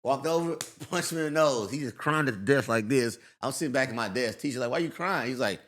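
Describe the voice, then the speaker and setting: A young adult man in casual podcast chat, telling animated stories and mimicking other people's voices. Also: mid-range voice, brisk. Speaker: comedian and co-host.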